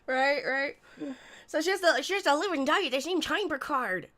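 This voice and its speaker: Woman co-host, high and lively, sarcastic, quick to laugh. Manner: laughing often, sarcastic and animated. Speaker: co-host of a show recap stream. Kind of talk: casual chat.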